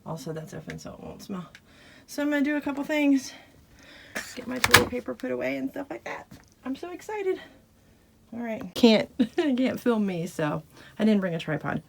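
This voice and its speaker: A woman's voice: a little high, lively intonation, fairly quick, gravelly, a little mellow, slight background noise. A woman vlogging casually inside her RV, chatty and laughing at herself, out of breath from the chores. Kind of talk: casual vlog, talking to camera while doing chores. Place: inside a small RV.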